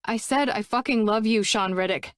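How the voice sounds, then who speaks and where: A woman's voice: medium pitch, normal speed, no room sound, studio quality, lightly acted. A woman voicing an emotional young woman who pleads earnestly with her lover, her voice rising. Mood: shouting.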